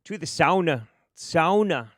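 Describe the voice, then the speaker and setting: A man doing a loud mocking Yooper troll. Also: a little high, expressive, unhurried, dry recording, studio quality, pitched above the performer's own voice. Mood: taunting. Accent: put-on Yooper. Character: brash male troll from Michigan's Upper Peninsula.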